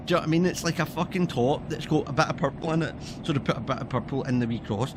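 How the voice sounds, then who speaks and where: Racing along with hardly any pauses, a man from Scotland rants in a Scottish accent while streaming a game, his casual commentary heated and sweary. His voice is on the high side and animated, against a noisy background.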